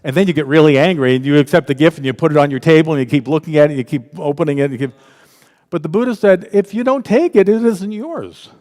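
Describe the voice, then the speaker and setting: A man leading an interactive spiritual workshop at a church, talking in a lively, conversational way and acting out the voices he quotes. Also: fairly high pitch, very fast. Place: church hall. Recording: echoey hall with long reverb.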